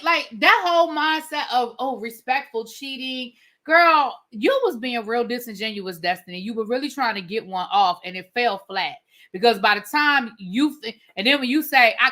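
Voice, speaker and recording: A woman's voice: on the high side, pushed and bright. A woman hosting a livestream as a reality TV reviewer, giving blunt, opinionated commentary with casual swearing and replying to viewer comments.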